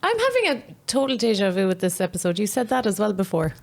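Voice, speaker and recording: An Irish woman co-hosting a casual podcast, cutting in with quick retorts and frequent laughs. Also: medium pitch, huge pitch swings, creaky. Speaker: podcast co-host. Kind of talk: casual banter.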